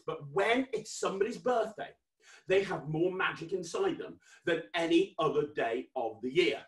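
Animated British kids' magician, roomy webcam sound. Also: male voice, on the high side, far from the mic. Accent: British English. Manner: playful, exaggerated mock-stern, swings to excited shouts. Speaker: children's party magician. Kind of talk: interactive kids' magic show over video.

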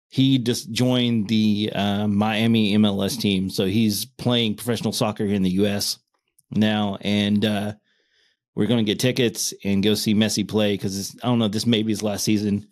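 Low-voiced excitable man chatting. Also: normal speed. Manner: stutters and restarts when excited, laughs often. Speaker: podcast co-host. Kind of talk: casual chat.

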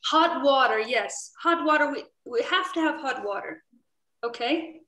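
High-voiced woman teaching in an echoey room. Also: a little slow. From southern United States. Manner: lively, playful, asks the group questions. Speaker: workshop trainer. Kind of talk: interactive online teaching.

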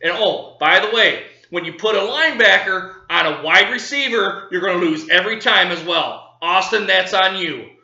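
A man's voice: high-pitched, animated, moderate pace, gravelly, few pauses, sharp tone, echoey room, highs cut off. A man ranting angrily about his football team, cursing and repeating himself, livid. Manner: profane, furious, repeating himself. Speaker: sports fan vlogger. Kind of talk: angry fan rant.

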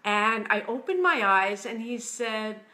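A woman from the United States telling a personal story slowly and earnestly, getting emotional at times. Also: fairly high pitch, expressive. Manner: slow, earnest storytelling, quiet and hushed when quoting God. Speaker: author. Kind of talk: personal testimony.

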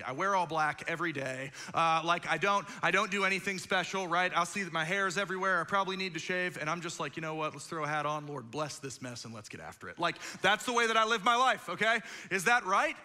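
Male pastor, bright and forceful delivery, casual animated sermon style, long church reverb. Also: sits high. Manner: animated, conversational preaching with acted-out quotes and asides. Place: church auditorium.

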